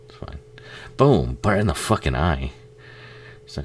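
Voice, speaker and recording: This film commentary host has a rumbling low voice and is very animated at a moderate pace. He talks casually over a movie, swearing heavily, laughing and mocking what's on screen, with slight background noise.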